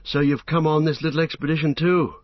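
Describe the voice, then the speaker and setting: A man's voice: a little high, fairly even intonation, fairly quick, dry recording, voice pushed up, lightly acted. A man doing a breezy young hobbit. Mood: wry. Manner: light, breezy, joking. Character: cheerful, plucky young male hobbit. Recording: dull, muffled audiobook recording.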